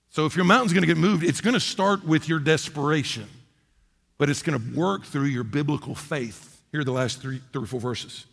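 A man preaches with impassioned swings, loud and emphatic at the peaks and low and quiet in between. His voice sits high and bright, with a gravelly fry on it. The sound carries a long reverb from a large hall. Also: brisk. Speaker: pastor. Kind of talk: sermon.

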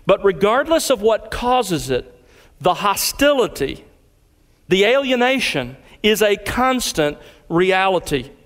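A man preaching an expository sermon as pastor, earnest and deliberate in his phrasing. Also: sits high, sing-song, a bit bright, big-room sound.

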